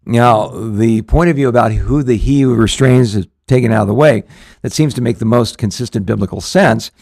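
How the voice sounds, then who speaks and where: A man's voice: mid-range voice, moderate pace, creaky, a little mellow, no echo. Earnest pastor man, dry close sound. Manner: earnest, rambling with frequent restarts and fillers. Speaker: pastor and show host. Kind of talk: conversational Bible teaching.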